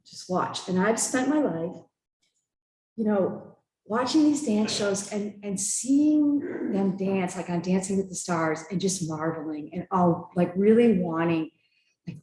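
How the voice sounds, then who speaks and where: A woman telling a personal story at a church gathering, animated and laughing, acting out what people said. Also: mid-range voice, a little slow. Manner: animated, laughing, with acted-out quotes. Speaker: church member sharing a story. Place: church hall. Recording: echoey church hall.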